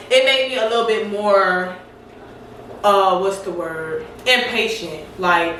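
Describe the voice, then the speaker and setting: A woman's voice: mid-range voice, pushed and bright, a little hiss or hum. Candid woman in her twenties, echoey kitchen. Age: 20s. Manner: candid, frequent "like" fillers. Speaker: co-host. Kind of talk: casual chat while cooking. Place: home kitchen. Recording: echoey room, mic far off.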